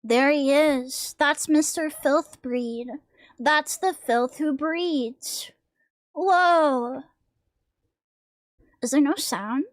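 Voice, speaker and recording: A woman's voice: high-pitched, very slow, long pauses, no room sound. A young woman streamer chatting casually while she draws, rambling and joking crudely. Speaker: vtuber streamer.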